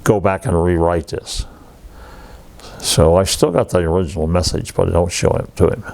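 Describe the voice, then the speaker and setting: A man's voice: low-pitched, normal speed, gravelly. A man in his eighties telling war stories in an oral history interview, laughing often and acting out what others said. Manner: lively anecdotes, laughs often, acts out quoted dialogue. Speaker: veteran interviewee.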